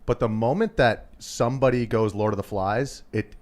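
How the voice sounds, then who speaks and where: A man on a podcast panel, talking in a measured, explanatory way in casual chat. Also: mid-range voice, a little mellow.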